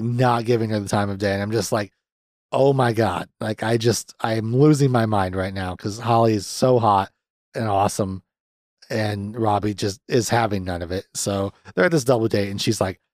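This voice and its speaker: A man's voice: medium pitch, a little mellow, no echo, studio quality. A man in his thirties hosting a podcast, chatting casually and ramblingly about a film and swearing freely. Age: 30s. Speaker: podcast host. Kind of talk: casual movie review chat.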